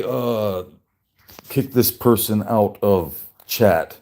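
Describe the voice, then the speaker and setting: A man drifts through a solo livestream, slow and meandering, stopping now and then to talk to his chat. His voice sits at an ordinary pitch. The room around him is echoey. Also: lively intonation, a little mellow.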